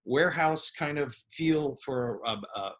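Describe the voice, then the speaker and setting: A man's voice: a little high, a little slow, a bit bright. A man from Germany chatting on a podcast, telling stories, swearing and laughing at his own jokes. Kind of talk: casual chat.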